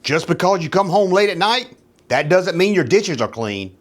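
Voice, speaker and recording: A man's voice: high voice, big pitch swings, normal speed, pitched above the performer's own voice. A man playing a fatherly sitcom dad who solemnly hands out nonsense proverbs in a slightly raised voice. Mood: mock-solemn.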